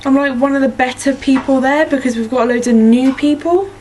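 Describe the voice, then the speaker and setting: A woman's voice: sits high, brisk, a little mellow, slight background noise, rough recording. A young woman from Norfolk, England, with an English accent, rambling through follower questions and filling gaps with "like" and "um". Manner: chatty, rambling, many "like" and "um" fillers. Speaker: vlogger answering follower questions. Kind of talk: casual chat.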